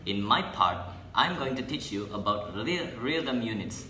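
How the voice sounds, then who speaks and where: A young man, a student presenting an English lesson in a halting way, correcting himself as he goes. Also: medium pitch, expressive, bright, forceful tone, a little hiss or hum. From Indonesia. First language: Indonesian. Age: young adult. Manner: halting, with restarts and self-corrections. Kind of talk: classroom explanation. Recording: echoey room.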